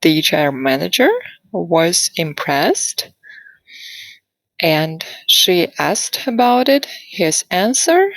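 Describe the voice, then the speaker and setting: A woman teaching a grammar lesson online, slowly modelling sentences for students to repeat and asking them questions. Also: on the low side, very animated, no room sound. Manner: slow, deliberate modelling of sentences for repetition. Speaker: English teacher. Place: online class.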